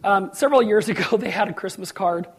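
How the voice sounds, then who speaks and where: Male pastor, middle-aged, husky voice, sermon storytelling, emphatic, high-pitched. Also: fast talker. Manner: storytelling preacher, acts out quotes, rises to emphatic peaks.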